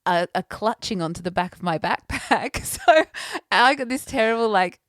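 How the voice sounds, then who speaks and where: A woman co-hosting a podcast, telling an animated story in casual chat and laughing often. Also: medium pitch, moderate pace, no echo, studio quality. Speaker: podcast co-host.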